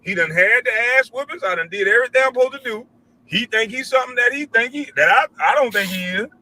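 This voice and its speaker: A middle-aged man hosting a show, delivering a loud, profane, preachy commentary rant and mimicking others in a high voice. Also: quick pace, poor audio. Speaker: show host.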